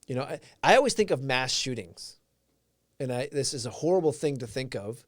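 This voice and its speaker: A man's voice: medium pitch, animated, a little fast, dry recording, studio quality. A man whose first language is Portuguese, hosting a live stream and giving an earnest, reflective motivational talk while answering viewers' comments.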